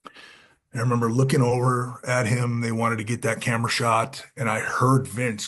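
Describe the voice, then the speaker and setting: A husky-voiced man on a podcast, telling backstage stories in a relaxed, casual way. He slips into a lower, gruffer tone when he quotes other people. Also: normal speed. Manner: animated, acts out quotes with lowered voice. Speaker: podcast guest, former wrestler. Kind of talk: casual storytelling.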